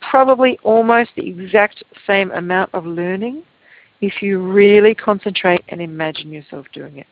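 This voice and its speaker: A woman teaching a Feldenkrais movement lesson over a video call, giving calm, gentle, unhurried instructions. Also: medium pitch, dry recording. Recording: tinny, phone-like call audio, dry.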